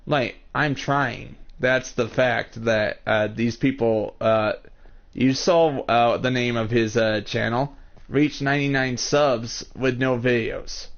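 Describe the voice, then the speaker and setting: Male streamer, casual halting chat, muffled budget mic. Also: mid-range voice, fairly even intonation. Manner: halting, rambling, defensive. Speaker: livestreamer. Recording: dull lo-fi mic.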